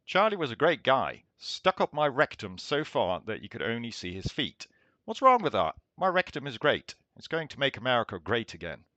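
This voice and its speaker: A man's voice: mid-range voice, huge pitch swings, normal speed, pushed and bright, no room sound. A man doing a satirical impression of a boastful, blustering president who praises himself over and over in simple words. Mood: smug, boastful. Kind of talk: satirical letter read in character. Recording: dull lo-fi dry recording.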